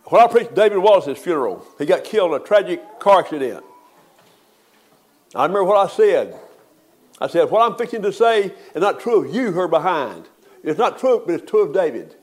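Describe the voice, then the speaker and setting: Older man, high-voiced pastor; folksy funeral sermon with emphatic swells. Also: very animated, fairly quick, darkish tone.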